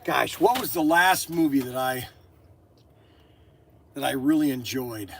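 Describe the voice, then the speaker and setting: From inside the toy shop he runs, an older man hosts his channel with a rambling, opinionated monologue to camera, laughing frequently and restarting sentences. His mid-range voice has lively intonation, a slightly slow pace, vocal fry and a bit of brightness.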